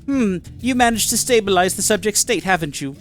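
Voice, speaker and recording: A man's voice: sits high, expressive, brisk, fairly bright tone, faint music behind. A man voicing a fussy male alien researcher who speaks stiffly and formally, ending his remarks with little tag questions. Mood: prim, inquisitive.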